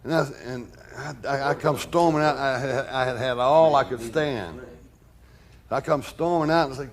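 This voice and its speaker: Older male interviewee, mid-pitched, blunt, lively anecdote teller. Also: normal speed. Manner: animated, blunt, swears freely. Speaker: interviewee recalling past events. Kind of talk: documentary interview storytelling.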